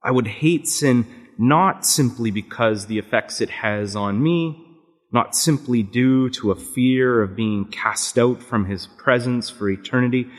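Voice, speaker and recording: A man with a Canadian accent, a deacon reading scripture and giving a homily, earnest and reflective, sounding nasal and stuffy from a head cold. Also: medium pitch. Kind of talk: sermon. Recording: long hall reverb.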